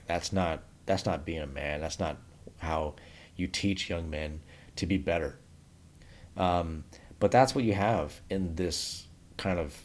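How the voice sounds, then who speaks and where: A man's voice: low-pitched, darkish tone. A man giving a blunt, opinionated solo monologue to camera as a vlogger, rambling and restarting his sentences as he goes.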